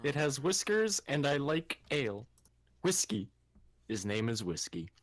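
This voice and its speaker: Goofy, animated tabletop player. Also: mid-range voice, a little slow. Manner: goofy, joking, in-character asides. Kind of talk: playing a tabletop game live.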